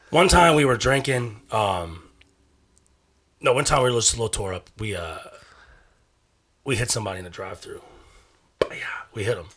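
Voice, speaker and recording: A man hosting a podcast, telling loud, rowdy stories in casual chat, laughing and swearing often. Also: medium pitch, lively intonation, a little slow, long pauses, slightly rough. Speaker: podcast host.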